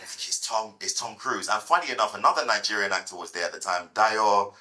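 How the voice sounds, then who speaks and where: A man in his thirties, a guest at a fireside chat, telling lively anecdotes to a live audience and repeating words as he goes. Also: fairly low pitch, brisk, background noise.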